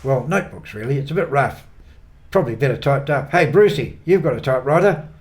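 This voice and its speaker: A weathered Kiwi trekker, blunt and matey, tossing off his words in a casual, blokey drawl, as a male storyteller puts him on. His New Zealand accent is broad and easygoing, and he sits at an ordinary middle pitch for a man. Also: animated, fairly quick, close to an everyday voice. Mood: relaxed.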